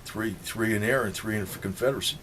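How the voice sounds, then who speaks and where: Low-voiced man with a New Jersey accent; rambling, profane vlog monologue, chuckling as he goes. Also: fast, a bit bright, a little hiss or hum. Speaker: political vlogger.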